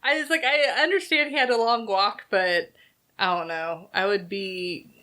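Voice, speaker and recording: A woman's voice: medium pitch, normal speed, sharp tone. A woman co-hosting a movie review show in casual chat, hesitant and giggly, often hedging.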